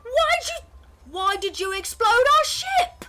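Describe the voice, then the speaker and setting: A woman voicing a short, stout male pirate captain with a put-on Cockney accent, loud and jolly. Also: very high voice, very animated, slow pace, very noisy, pitched above the performer's own voice, exaggerated voice. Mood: boisterous.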